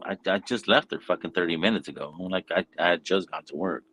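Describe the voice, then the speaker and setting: A man's voice: sits low, fast talker, fairly bright tone, rough recording. A man hosting a casual chat, telling a long story loosely and swearing constantly. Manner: profane, rambling storyteller. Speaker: podcast host.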